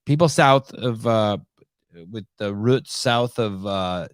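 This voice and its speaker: A man's voice: on the low side, clean tone, no echo, clean studio sound. A man hosting a podcast in casual, rambling chat, swearing freely and laughing easily. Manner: rambling, profane, quick to laugh. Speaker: podcast host. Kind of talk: casual live-stream chat.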